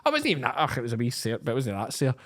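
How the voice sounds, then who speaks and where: Scottish male podcast co-host, animated storyteller, ordinary mid voice. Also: medium pitch, rapid-fire. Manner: animated storyteller, laughs while telling. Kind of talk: casual storytelling chat.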